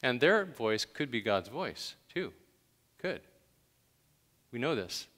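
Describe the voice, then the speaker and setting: A man's voice: medium pitch, big pitch swings, slow pace, fairly bright tone, long reverb tail. A man preaching a sermon in a conversational way, with sudden emphatic bursts. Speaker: pastor.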